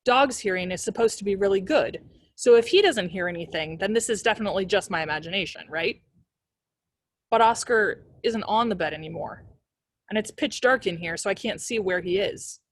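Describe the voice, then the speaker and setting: A woman's voice: mid-range voice, fairly quick, no echo. A woman reading a novel aloud as a librarian, telling the first-person story expressively.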